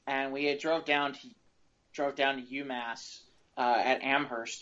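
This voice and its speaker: A man co-hosting a podcast, telling a rambling, animated anecdote in casual chat. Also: mid-range voice. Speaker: podcast co-host. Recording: dull lo-fi sound.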